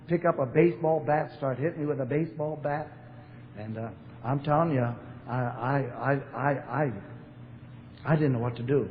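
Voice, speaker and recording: Older man from Portland as AA speaker, blunt and wry, old tape with a thin sound and faint hiss. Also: on the high side. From Portland, Oregon, USA. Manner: storytelling, blunt, wry humor with fillers. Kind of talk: recovery talk to a convention audience. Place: large convention hall. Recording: echoey hall, phone-like narrow sound, faint hiss.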